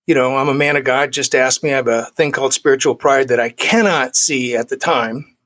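A man's voice: mid-range voice, fairly even intonation, fairly quick, fairly bright tone. A middle-aged man in his forties, a guest telling a personal recovery story, acting out the dialogue he quotes.

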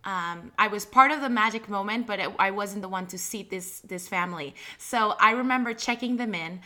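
Woman guest, bright, sharp voice, hesitant and chatty storyteller. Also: medium pitch, moderate pace. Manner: chatty, hesitant with many fillers. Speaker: guest, former restaurant host at a theme park. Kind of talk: casual anecdotal conversation.

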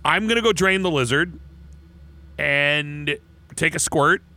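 A man's voice: a little high, slow pace, sharp tone. A man co-hosting a podcast, rambling through casual chat with crude jokes and constant restarts. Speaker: podcast co-host.

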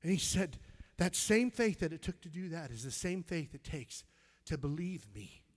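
In an animated, somewhat high voice at normal speed, a middle-aged man preaches passionately. His sermon shifts from booming exclamations to quiet, near-whispered stories, with words repeated whenever he's stirred.

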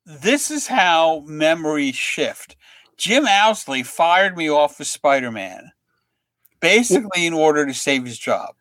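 A middle-aged man, a comic book writer guest, telling anecdotes in a lively way and acting out the lines of the people in them. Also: fairly high pitch, a little slow, no room sound. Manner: lively storyteller who acts out other people's lines.

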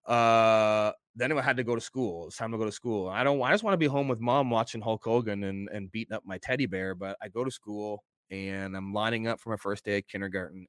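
A middle-aged man talking openly and earnestly as a guest in a casual interview. His voice is low and smooth, recorded dry and close. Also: a bit bright, no echo. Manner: open, earnest storytelling. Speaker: wrestler guest.

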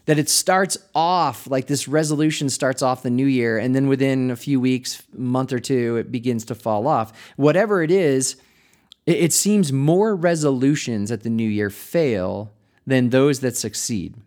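A male pastor hosts a reflective podcast in an easy, conversational way. His voice sits at an ordinary middle pitch, and he laughs lightly and restarts words as he thinks aloud. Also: unhurried, a little mellow.

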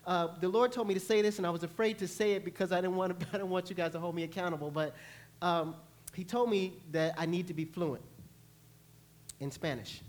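A male pastor preaching a sermon, telling lively stories and acting out panicked voices. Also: high voice, a little fast. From New York. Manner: animated storytelling, acts out panicked voices. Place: church.

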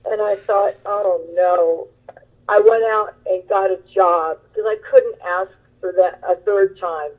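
A woman guitarist being interviewed, telling stories in a chatty, animated way with lots of fillers. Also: mid-range voice, unhurried, few pauses. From Long Beach, California. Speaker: guest musician, guitarist. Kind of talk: interview storytelling. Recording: tinny phone line.

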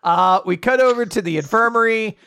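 A man's voice: sits high, a little fast, creaky, bright, forceful tone, clear, resonant tone, no echo. A young man co-hosting a casual podcast, recapping an anime with jokes and silly voices. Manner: jokey, acts out quoted lines in silly voices. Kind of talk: casual chat.

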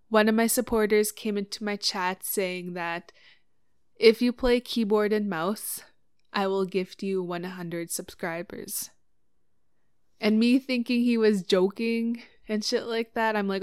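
A woman hosting a casual solo podcast, chatting about her streaming, swearing freely and getting animated when excited. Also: medium pitch, measured pace, smooth, dry recording, clean studio sound. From Cree community in Canada. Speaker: podcast host.

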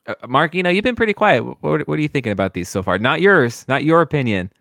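A man hosting a casual podcast, relaxed as he steers the talk through listener picks. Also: fairly high pitch, fast, creaky, dry recording, clean studio sound. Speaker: podcast host. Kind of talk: casual fan discussion.

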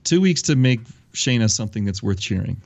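Man, podcast co-host, lowish voice, dry wry asides, casual chat. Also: lively intonation, a little fast, vocal fry, a little mellow. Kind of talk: casual wrestling recap chat.

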